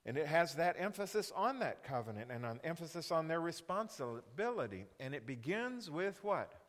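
A man preaching a Bible lesson in a lively voice that climbs and falls across a wide range. He talks in an animated way and keeps asking his listeners questions. His voice sits a little high for a man, and a long reverb trails after it. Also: moderate pace. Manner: animated, asks the audience questions. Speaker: Bible teacher. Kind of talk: sermon.

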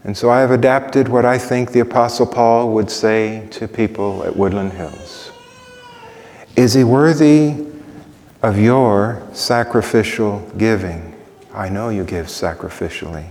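A pastor preaching a sermon through a string of rhetorical questions. He swings from ringing emphasis down to hushed softness. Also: fairly low pitch, measured pace. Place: church sanctuary. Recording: long reverb of a church hall.

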